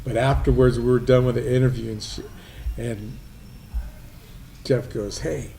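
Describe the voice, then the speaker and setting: A man's voice: mid-range voice, steady tone, unhurried, gravelly, mellow. A man hosting a live podcast, telling stories casually, swearing and acting out what others said. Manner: swearing storyteller, acting out quoted voices. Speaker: podcast host. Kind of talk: casual storytelling chat. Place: restaurant venue, live podcast. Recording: faint noise, live remote venue.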